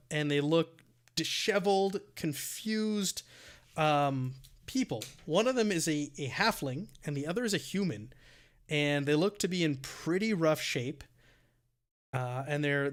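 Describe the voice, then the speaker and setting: Man running a tabletop game, halting. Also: a little high. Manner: halting, repeats words while describing. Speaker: dungeon master.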